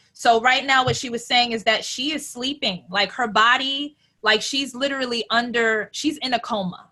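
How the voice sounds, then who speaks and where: A woman hosting a relaxed spiritual talk, reading her notes aloud in a reflective way with many fillers. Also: a little high, normal speed, hardly any pauses. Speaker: host.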